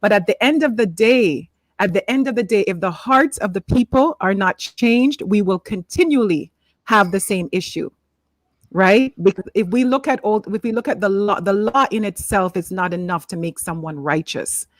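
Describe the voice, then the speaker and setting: A woman's voice: medium pitch, normal speed, no room sound. A woman with a toned-down Jamaican accent hosting a faith-based panel discussion, earnest and conversational, laughing easily. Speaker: host.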